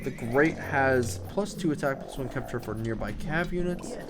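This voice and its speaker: A man's voice: mid-range voice, lively intonation, moderate pace. A man giving casual, rambling commentary over his strategy game, swearing now and then, with game music behind him. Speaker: gameplay commentator.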